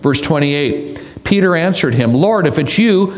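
A man preaching a sermon, reading scripture aloud and expanding on it with deliberate pauses and repetition. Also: fairly high pitch, expressive.

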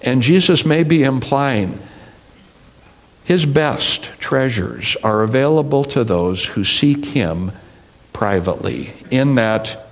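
A middle-aged man preaching a sermon, teaching in an unhurried, deliberate way. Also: medium pitch, lively intonation. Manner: slow, deliberate preaching with mimicked voices. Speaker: pastor.

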